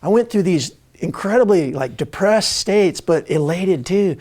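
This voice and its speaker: A spiritual speaker tells a personal story to a live audience, animated and laughing as he acts out other people's lines. His voice is high-pitched and his pace measured.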